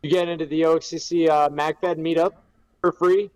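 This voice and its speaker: A man's voice: on the high side, flat delivery, normal speed, a little mellow, smooth, low-quality recording. A man chatting casually on a panel, upbeat and promoting an event. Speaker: guest, event commander.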